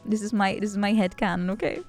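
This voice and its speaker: A woman's voice: medium pitch, level tone, darkish tone, faint music behind. Chatty, laughing woman streamer. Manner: rambling, joking, quick to laugh. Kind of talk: casual chat.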